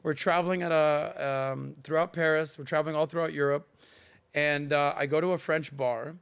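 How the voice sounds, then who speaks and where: Animated fortyish man with a gravelly voice. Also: a little high, moderate pace. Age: 40s. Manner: animated storyteller who acts out accents and voices. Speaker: podcast host. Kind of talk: casual chat.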